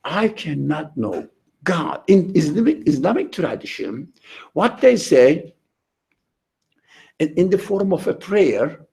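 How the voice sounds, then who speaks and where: A man teaching a class on religion, speaking slowly and emphatically and repeating his key words. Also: on the high side, big pitch swings, vocal fry, darkish tone. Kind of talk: lecture to a class.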